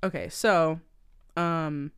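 Deep-voiced and smooth, this woman talks very slowly. She's a young podcast co-host recapping a film in a relaxed conversation, animated and profane, voicing the characters' lines herself.

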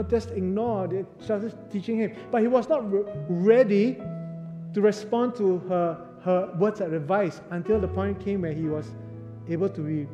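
A man preaching a sermon in a high, mellow voice, telling a family story with animation and frequent laughs. His words ring through a church hall with long reverb, and soft music plays beneath. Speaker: pastor.

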